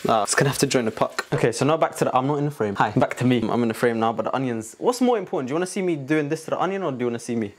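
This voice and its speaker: A man's voice: medium pitch, animated, very fast, few pauses. A young man, rambling and joking to himself while he cooks. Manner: jokey, rambling self-talk, flustered and stressed. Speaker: vlogger cooking for his family. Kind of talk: casual chatty vlog. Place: home kitchen. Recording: noisy kitchen recording.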